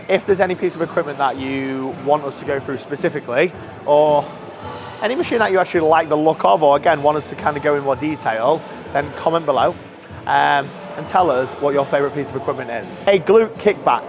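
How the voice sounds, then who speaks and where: A man's voice: fairly high pitch, fast talker, music in the background. A man casually walking viewers through gym machines, chatty and self-deprecating. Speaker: gym staff giving a tour. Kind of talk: casual walkthrough explanation. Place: large indoor gym. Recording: noisy gym background.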